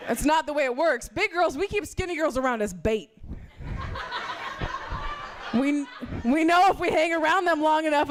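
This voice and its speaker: A woman performing a stand-up comedy set on a club stage with a handheld mic, brash and profane, dropping into lowered voices to act out other people. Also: expressive, normal speed, a little hiss or hum.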